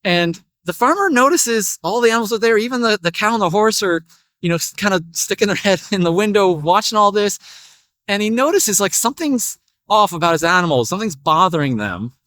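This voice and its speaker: A man's voice: high-pitched, lively intonation, a little fast, pushed and bright, no room sound, clean studio sound. A man telling a spiritual parable in a casual, chatty way. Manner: casual, chatty narration with fillers. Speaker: storyteller.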